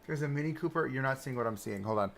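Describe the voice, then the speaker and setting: A man live-streaming a park-building game, chatting and thinking aloud as he browses and places items, swinging between excited outbursts and low mutters. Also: fast, vocal fry. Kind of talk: casual live-stream commentary while building.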